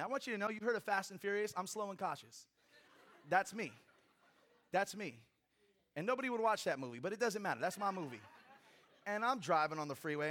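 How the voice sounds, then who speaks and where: A man preaching a sermon as pastor, swinging from loud, intense passages to hushed ones, with humorous personal asides to the congregation. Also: sits high.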